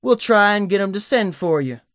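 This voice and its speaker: A man's voice: fairly high pitch, sing-song, moderate pace, no echo, clean studio sound. A man voicing a pompous, long-winded old male con man in an audiobook, speaking in a grandiose, unctuous way. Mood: mocking. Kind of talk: audiobook character voice.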